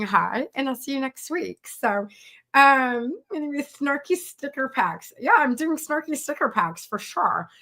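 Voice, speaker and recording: Bright-voiced, chatty woman on a live stream. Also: a little high. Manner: chatty and animated, acts out quoted voices, many fillers. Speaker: business coach hosting a live stream. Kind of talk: casual live-stream chat.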